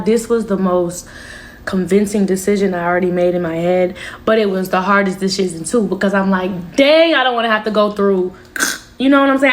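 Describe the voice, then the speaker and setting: A woman telling her viewers a personal story in a candid, slangy, animated way. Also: mid-range voice, echoey room. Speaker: storytime vlogger. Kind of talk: casual storytime monologue.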